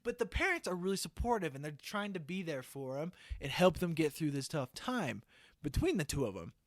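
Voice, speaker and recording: A man on a podcast pitching a movie idea like a comic storyteller, checking in with "okay?" after almost every phrase. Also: big pitch swings, fairly quick, no echo, studio quality. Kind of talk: casual comedic pitch.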